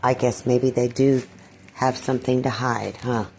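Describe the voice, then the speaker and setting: A woman talking in a personal vlog monologue, weary and distressed, sighing and clearing her throat. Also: very deep voice, steady tone, a little slow, darkish tone, slight background noise. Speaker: video blogger.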